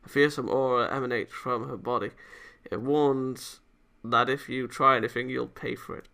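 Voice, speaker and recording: A man's voice: mid-range voice, steady tone, moderate pace, gravelly, bright, forceful tone. A man reading a visual novel aloud for a let's-play, narrating plainly and voicing the hero casually.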